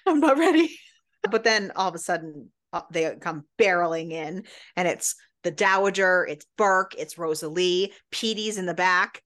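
A woman co-hosting a book club podcast, recapping the story in animated casual chat and acting out the characters' lines. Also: lowish voice, normal speed. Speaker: podcast co-host.

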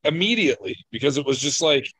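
A man co-hosting a casual chat, joking around and telling animated stories with a husky voice. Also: fairly high pitch, fast.

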